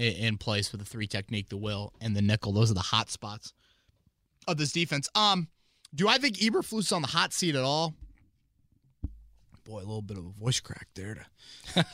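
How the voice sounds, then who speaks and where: A man hosting a casual sports podcast, talking in an animated, rambling way with many fillers and restarts. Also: fairly low pitch, no echo, clean studio sound. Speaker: podcast host and team analyst.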